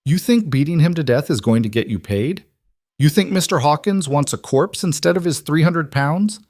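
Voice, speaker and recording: A man voicing a poor young woman clerk who bluffs with sharp, commanding authority, pitched higher than his narration. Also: lively intonation, moderate pace, no echo, clean studio sound. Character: bold young woman, poor bookshop clerk, fierce and quick.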